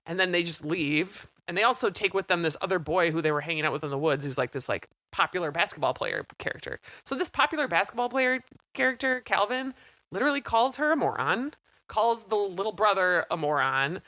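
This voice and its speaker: A woman in her late thirties, co-hosting a podcast in casual chat, talking in a chatty, animated way and acting out quotes. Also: lowish voice, a little fast, no echo. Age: 30s. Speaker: podcast co-host. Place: small studio.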